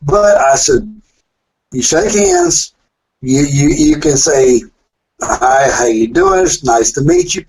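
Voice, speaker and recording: A man calling in as a guest, a wrestler and promoter, telling stories in a lively, laughing way. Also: a little high, slow pace, slight background noise, rough recording. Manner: storytelling, lively, laughs often. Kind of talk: phone-in chat.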